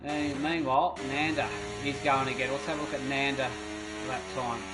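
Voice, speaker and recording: A man commentating a sim racing qualifying session, excitable and rambling with fillers. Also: medium pitch, normal speed, over music. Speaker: race commentator. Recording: noisy background of engine sounds. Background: racing car engine noise.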